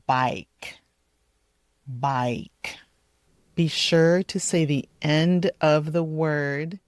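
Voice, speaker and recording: A woman teaching English pronunciation at a relaxed, slow pace with a low voice. She repeats each model word carefully and deliberately. The sound is close and dry, with no room echo. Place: outdoors in a park, walking with her dog.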